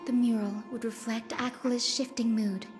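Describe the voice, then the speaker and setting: An earnest young companion from a video game explains her surroundings with curious care, as a woman voices her. Her voice sits a little high. Soft game music hums underneath. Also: steady tone, normal speed, big-room sound, lightly acted. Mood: explaining.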